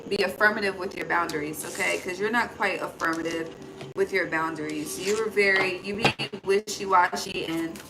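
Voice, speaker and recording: A woman's voice: fairly low pitch, moderate pace. A woman giving a casual, chatty card reading, thinking aloud, swearing freely and calling the listener honey. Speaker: intuitive tarot reader. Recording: steady background noise.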